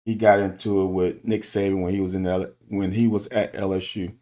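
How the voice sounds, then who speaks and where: A man's voice: deep voice, little pitch movement, fairly quick, dark tone. A middle-aged man and football coach talking candidly in a casual monologue, restarting and repeating himself to make his point. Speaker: football coach and show host. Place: car.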